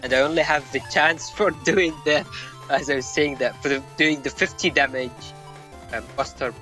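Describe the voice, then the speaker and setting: A man with a bright, higher-pitched voice hosts an online game tournament stream, walking through the match and the bracket. He laughs often as he explains the game mechanics. Faint game music plays underneath. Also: steady tone, moderate pace. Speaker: tournament player and stream host. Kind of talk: casual esports commentary.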